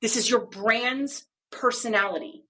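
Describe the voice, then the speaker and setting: A woman's voice: a little high, a little slow, sharp tone. A woman co-hosting a podcast, explaining ideas in an emphatic, playful way with many rhetorical questions. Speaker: podcast co-host.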